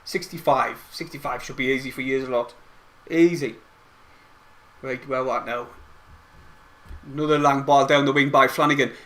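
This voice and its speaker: A man giving excitable, rambling play-by-play of a match from home, as host of a fan watch-along. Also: medium pitch, normal speed, long pauses. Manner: excitable, rambling fan commentary with mild swearing. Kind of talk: casual live play-by-play commentary. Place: at home, not at the stadium.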